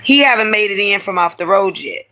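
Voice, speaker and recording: A woman's voice: medium pitch, expressive, brisk, pushed and bright, a little hiss or hum, rough recording. A woman hosting a live stream who tells a personal story in a candid, heated way, full of profanity and slang. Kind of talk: casual storytelling to a live audience.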